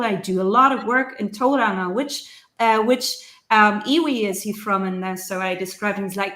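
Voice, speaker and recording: In a roomy, echoing recording, a German woman who practices ceremonies shares a heartfelt personal story in conversation. She sounds earnest and searching, using frequent ums and restarts, her medium-pitched voice pushed and bright at a moderate pace.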